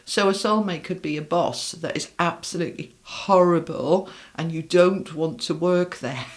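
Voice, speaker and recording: A middle-aged woman with a fairly low voice gives a casual, chatty tarot reading to her viewers. She is upbeat and speaks straight to them as she works through the cards. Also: moderate pace. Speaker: tarot reader.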